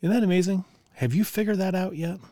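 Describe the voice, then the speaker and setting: An older man, a music teacher, telling stories from his classroom in a relaxed, conversational way with frequent chuckles and asides to the listener. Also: high voice, fast talker, no room sound, clean studio sound. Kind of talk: casual storytelling.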